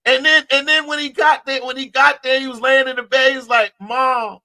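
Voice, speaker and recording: A man's voice: very high-pitched, little pitch movement, brisk, bright, forceful tone, low-quality recording. A man from New Jersey co-hosting a podcast, chatting casually about movies with lots of restarts and repeated words. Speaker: podcast co-host.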